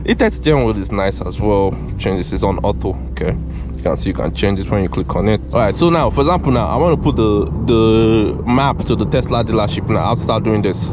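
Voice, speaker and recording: A man giving casual, excitable commentary from inside a car, talking to the car and repeating himself as he drives. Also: fairly low pitch, brisk, background noise. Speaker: car reviewer.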